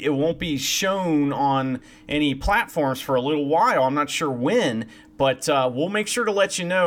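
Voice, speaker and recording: A man's voice: mid-range voice, fairly bright tone. A man co-hosting a podcast in casual chat, chatty and laughing, cursing now and then. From Ohio, USA. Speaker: podcast co-host.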